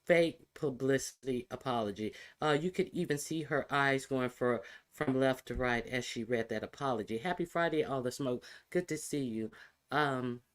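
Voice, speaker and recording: A man hosting a casual reaction commentary, halting, with many fillers and restarts. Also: mid-range voice. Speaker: commentary video host.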